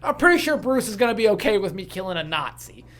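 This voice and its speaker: A man's voice: sits high, fast. A man co-hosting a podcast in casual, profane, ranting chat. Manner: animated, swearing, ranting. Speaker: podcast co-host.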